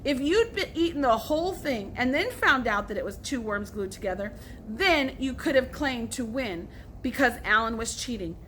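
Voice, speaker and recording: A woman doing a loud arguing boy sidekick. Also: a little high, lively intonation, normal speed, a little hiss or hum. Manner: argumentative, yelling.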